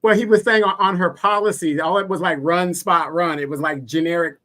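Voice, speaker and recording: A man's voice: high-pitched, fairly even intonation, fairly quick, pushed and bright. A man hosting a live stream, reading comments and asking pointed questions with dry asides. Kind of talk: casual live-chat commentary.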